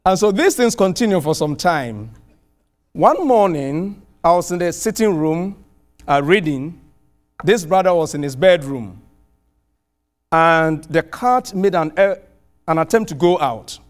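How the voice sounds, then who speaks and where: A middle-aged male preacher from abroad, with a high-pitched voice. He tells a story in his sermon with lively energy, and his voice rises loud on exclamations. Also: measured pace. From outside the US.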